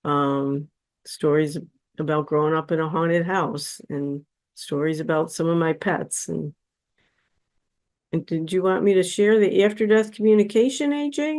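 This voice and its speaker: A woman guest on a podcast, telling a personal story in a slow, earnest, heartfelt way. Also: low voice, fairly even intonation, a little mellow.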